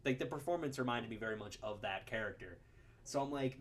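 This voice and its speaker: Animated man chatting about films. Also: medium pitch, fairly quick. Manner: animated, laughs often, frequent restarts. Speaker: podcast co-host. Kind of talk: casual film discussion.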